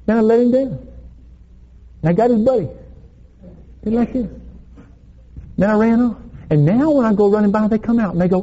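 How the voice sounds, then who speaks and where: A man preaching a sermon, telling a playful story with laughs in an animated way. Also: high-pitched, normal speed, long pauses, muffled recording, noisy background.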